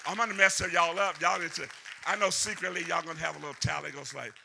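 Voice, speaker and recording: A man with a Southern US accent, a pastor preaching a fiery sermon in a shouting, sing-song style with call-outs to the congregation. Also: fairly high pitch, fairly even intonation, fast talker, gravelly, crowd noise, noisy background. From deep South of the US.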